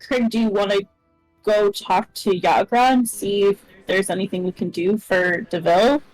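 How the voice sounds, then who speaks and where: A woman playing her character in a tabletop game, bubbly and quick to laugh, over an online call. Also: mid-range voice, a little mellow, no room sound, faint music behind, rough recording. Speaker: player. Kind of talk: in-character tabletop role-play. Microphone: online call microphone.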